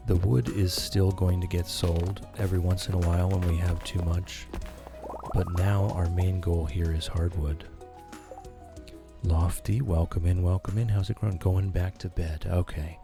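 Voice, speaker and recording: A man giving slow, soothing, soft-spoken commentary while playing a game for sleepy viewers. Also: deep voice, little pitch movement. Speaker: streamer. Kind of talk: calm gameplay commentary for sleep. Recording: background music.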